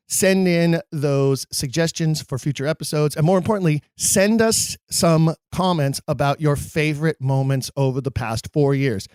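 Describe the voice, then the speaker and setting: A man's voice: a little high, moderate pace, hardly any pauses, a little mellow, clear, resonant tone, no room sound, clean studio sound. A man hosting a podcast, reading show announcements in an upbeat, promotional way. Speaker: podcast host.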